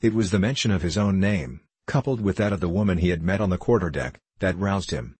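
Male audiobook narrator, deep voice, measured delivery. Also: breathy edge, no echo. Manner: steady, measured reading.

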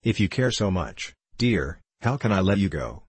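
A man voicing a nervous, soft-hearted old aunt in an audiobook, speaking anxiously and pleadingly. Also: sits low, very animated, normal speed, breathy edge, no echo, full character voice. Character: nervous, kindly old aunt, a wealthy lady.

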